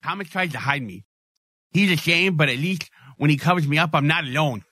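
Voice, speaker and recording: A man's voice: fairly high pitch, lively intonation, a little fast, sharp tone, no echo, clean studio sound. A man playing a lonely, ashamed talking phone. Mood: mopey.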